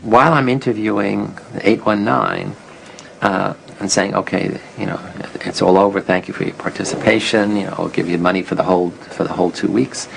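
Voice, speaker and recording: A man's voice: on the low side, fairly even intonation, brisk, vocal fry, faint music behind, low-quality recording. A man interviewed for a documentary, telling the story reflectively and acting out the dialogue he quotes. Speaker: interviewee recalling the experiment he ran.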